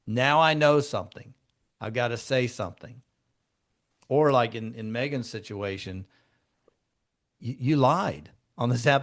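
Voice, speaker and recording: A man's voice: medium pitch, normal speed, long pauses. A man who is a real estate broker, leading a training session for a group and teaching through conversational stories from his own deals. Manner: conversational, acts out client dialogue in shifting tones. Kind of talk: instructive storytelling to a group.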